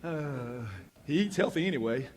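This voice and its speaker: A man's voice: fairly high pitch, expressive, brisk. A male pastor in his thirties preaching a sermon in a folksy, conversational way, with joking asides. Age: 30s. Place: church.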